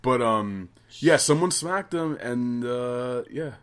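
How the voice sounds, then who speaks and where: A man hosts a relaxed conversation, asks curious questions and jokes around. His pitch moves a lot, and he breaks into laughter often. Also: slow, smooth. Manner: curious, jokey, laughs easily. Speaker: podcast host. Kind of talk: casual chat.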